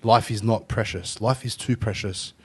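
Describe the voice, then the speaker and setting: An Australian man hosting a podcast, chatting casually and telling animated stories, swearing freely. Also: on the low side, moderate pace, breathy edge. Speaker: podcast host. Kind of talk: casual chat.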